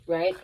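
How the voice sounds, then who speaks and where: A woman's voice: a little mellow, slight background noise. A woman working as a psychic medium, telling a casual storytime monologue in a rambling way, restarting and repeating phrases with many ums.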